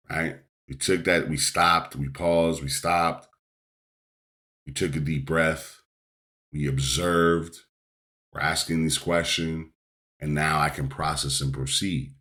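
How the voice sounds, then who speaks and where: Deep-voiced man coaching on a podcast. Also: pushed and bright. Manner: repetitive, emphatic, coaching tone with frequent "right?". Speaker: life coach and podcast host. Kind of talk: motivational podcast monologue.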